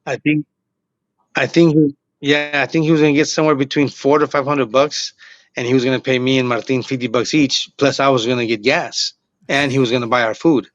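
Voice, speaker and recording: A man's voice: medium pitch, a little fast, no room sound. A man in his forties, a comedian guest, telling a story in casual chat and acting out what people said. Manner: animated, acts out quoted lines. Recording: muffled lo-fi, dry.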